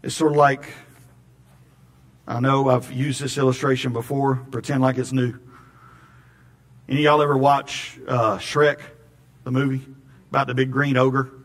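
A man's voice: mid-range voice, flat delivery, moderate pace, long pauses, fairly bright tone. A man preaching a sermon in a folksy, storytelling way, often repeating words. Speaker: pastor.

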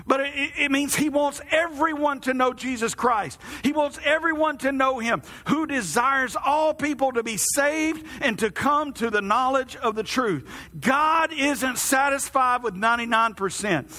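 A man delivers a folksy, conversational sermon, his voice pitched high and ringing bright. He talks to the congregation as friends, asking them questions along the way. The sound carries the long reverb of a church hall. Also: measured pace. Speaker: pastor.

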